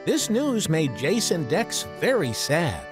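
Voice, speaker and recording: A man narrates a children's animated read-aloud in a slow, expressive storytelling voice. His pitch moves a lot as he tells the tale. Music plays clearly underneath.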